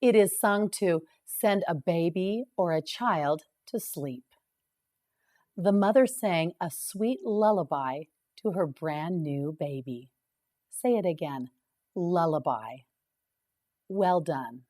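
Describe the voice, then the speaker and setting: Woman, English teacher, scripted word drill, slow careful enunciation, low voice. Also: animated, darkish tone. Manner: slow, clearly enunciated repetition.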